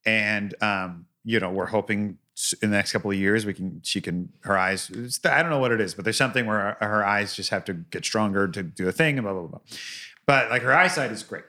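A father in casual chat, telling animated stories about his daughter and acting out the quoted voices. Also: on the low side, fairly quick.

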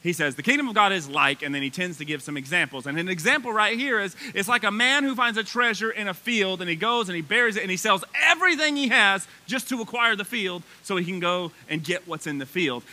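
A male pastor preaching a sermon with energy, his voice climbing high when excited, with casual asides to the congregation.

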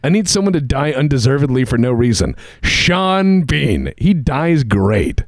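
A man's voice: medium pitch, very animated, a little slow, no echo, clean studio sound. A man co-hosting a podcast in casual chat, speaking with enthusiastic, swooping emphasis. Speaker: podcast co-host.

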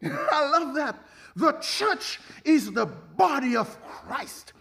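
Very high-voiced fervent male preacher. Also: wildly swooping pitch, slow, gravelly, bright, forceful tone. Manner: fervent, peppered with hallelujahs and laughter. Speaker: pastor. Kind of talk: sermon.

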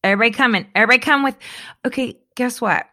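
Woman, higher voice, rambling chat. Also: rapid-fire. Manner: rambling, animated storyteller who acts out quotes. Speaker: podcast host. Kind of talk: casual chat.

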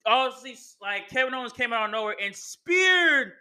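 A man hosts his podcast with a loose, excitable recap of a wrestling match. He swears constantly and leans hard on casual slang. His voice sits high and rings very bright and cutting. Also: normal speed, clear, resonant tone. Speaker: podcast host.

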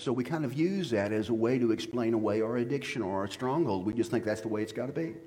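Man, pastor, sermon, swings from hushed to loud and fervent. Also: quick pace, few pauses, big-room sound. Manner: builds from low and quiet to loud and fervent.

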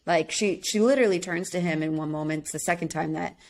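A woman's voice: fairly low pitch, quick pace, darkish tone. A woman co-hosting a podcast in a casual chat, talking in a chatty way full of "like" and laughing often. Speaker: podcast co-host. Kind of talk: casual chat recapping a reality show.

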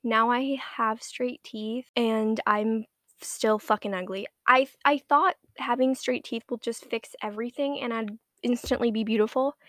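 A woman's voice: a little high, steady tone, measured pace, a bit bright, no room sound, studio quality. A young woman in a casual monologue to the camera, rambling and self-mocking, swearing constantly and dropping into whispers for asides.

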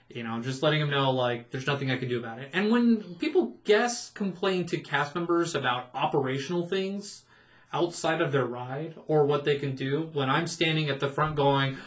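A man in his thirties with a somewhat raised pitch tells stories as a podcast co-host. He chats casually, laughs often and slips into little voices when he quotes people. His storytelling stays lively. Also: normal speed. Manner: animated, laughing storyteller who acts out quotes.

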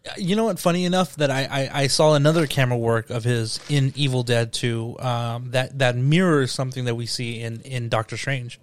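This is an eager man breaking down camera work on a casual podcast. His voice sits at a middle pitch, and his talk is full of slang and stammered restarts. He is recorded close and dry. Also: fairly quick, hardly any pauses, no echo. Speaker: podcast co-host. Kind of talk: casual film chat.

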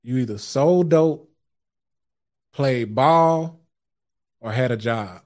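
A man's voice: medium pitch, takes it slowly, darkish tone. A man hosting his own show, giving an impassioned motivational sermon in casual street slang, speaking straight to his listeners and often repeating words as he starts a thought. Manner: addresses listeners directly as guys and family. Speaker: podcast host. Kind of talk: motivational sermon-style talk.

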